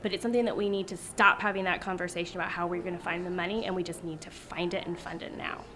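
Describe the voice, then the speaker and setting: A woman's voice: lowish voice, steady tone, fast, pushed and bright. A woman speaking emphatically in an interview, pressing her point. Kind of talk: interview answers.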